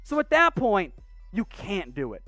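A sports show host tears through viewer questions in casual mailbag commentary, blunt, opinionated and sarcastic. The delivery is lively, with pitch leaping up and down in rapid-fire bursts. The voice sits dry and close, with faint music underneath. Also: no room sound. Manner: animated, rapid-fire ranting with restarts.

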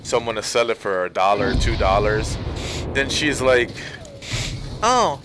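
A man's voice: fairly low pitch, normal speed. Ranting young male gaming streamer. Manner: ranting, profane, rambling. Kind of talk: casual storytelling while playing. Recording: game sounds and noise behind.

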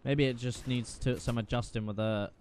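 A man giving casual, profane, excitable commentary while playing a shooter game. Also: mid-range voice, moderate pace, a little hiss or hum. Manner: profane, excitable, self-mocking. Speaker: gaming video creator.

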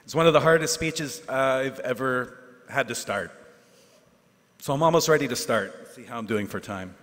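A man, a teacher giving a graduation speech, earnest and self-deprecating, with asides and pauses for effect. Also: mid-range voice, a bit bright. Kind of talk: ceremonial speech. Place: large hall at a ceremony. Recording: hall reverb.

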